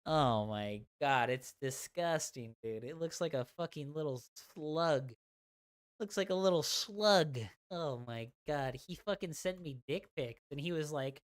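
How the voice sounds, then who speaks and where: Slow-talking, smooth-voiced crude woman streamer. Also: low-pitched. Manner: crude, profane, teasing banter with chat. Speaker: game streamer. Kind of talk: casual gaming stream chat.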